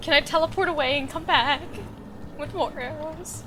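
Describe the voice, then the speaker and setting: A woman streamer commenting live on her gameplay, excitable with loud outbursts and laughter. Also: high voice, normal speed. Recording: game music under the voice. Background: game music.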